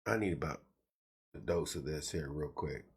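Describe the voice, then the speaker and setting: A man's voice: rumbling low, moderate pace. A man hosting a casual morning live stream from a small studio room, greeting viewers by name and reading sponsor plugs in a folksy, joking way.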